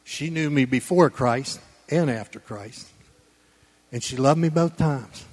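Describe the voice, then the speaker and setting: A man preaching a Sunday sermon in church, folksy and conversational, swinging between loud emphatic lines and quiet low asides. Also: unhurried, slightly rough, big-room sound. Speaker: pastor.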